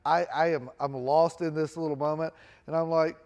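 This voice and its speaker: A man's voice: fairly high pitch, fairly even intonation, normal speed, darkish tone. A middle-aged man preaching a sermon as a pastor, telling a personal story in a conversational, self-deprecating way. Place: church auditorium.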